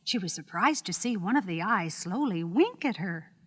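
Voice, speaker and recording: A woman narrating a children's storybook record in a measured, expressive, scripted style. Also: mid-range voice, slightly rough, in a large hall.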